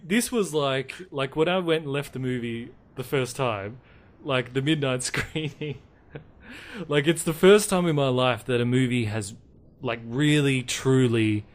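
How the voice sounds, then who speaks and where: A man co-hosting a movie podcast, telling stories in a dramatic, self-mocking way. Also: medium pitch. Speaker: podcast co-host. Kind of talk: casual movie review chat.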